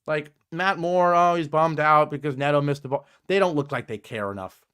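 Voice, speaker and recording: A man's voice: moderate pace, clean tone. Ranting man hosting a sports podcast. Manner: frustrated, ranting, grows louder and higher when worked up. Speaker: podcast host. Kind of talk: sports podcast rant reading viewer comments.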